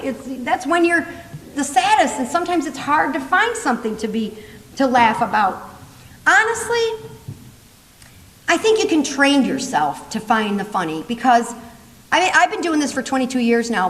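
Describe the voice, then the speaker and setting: A woman in her fifties giving a lively, laughing comedic talk as a motivational humor speaker. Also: high-pitched, a little hiss or hum. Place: large conference hall. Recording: long reverb in a conference hall.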